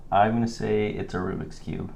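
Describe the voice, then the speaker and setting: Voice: sits low, fairly even intonation, normal speed, creaky, darkish tone, a little hiss or hum. A co-host running a guessing-game challenge, teasing and laughing often in casual banter.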